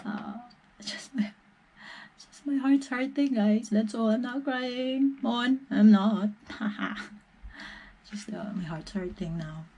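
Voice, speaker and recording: A young woman talks slowly and gently through a casual reaction vlog. Her voice is warm and mellow, and she giggles often and drifts between fillers as she gets emotional. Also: a little high. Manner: soft-spoken, giggly, emotional, lots of fillers. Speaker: reaction vlogger.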